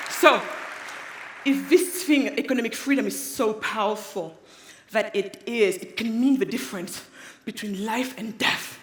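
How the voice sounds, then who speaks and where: A woman's voice: fairly high pitch, unhurried, a bit bright, some chatter behind, slight background noise. A woman from Africa giving an inspirational conference talk on stage, emphatic and repeating key phrases. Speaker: speaker. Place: large hall on stage. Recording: echoey hall, long reverb.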